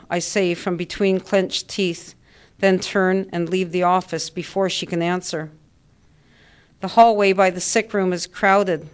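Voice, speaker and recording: A woman reading her own first-person story aloud with a measured, understated delivery. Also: on the low side, fairly even intonation, clean tone.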